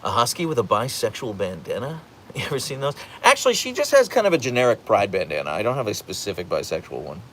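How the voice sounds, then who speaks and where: A man's voice: on the low side, big pitch swings, fast, fairly bright tone, slight background noise. A man hosting a casual livestream from home, reading out the chat and rambling playfully, slipping into voices when he retells stories.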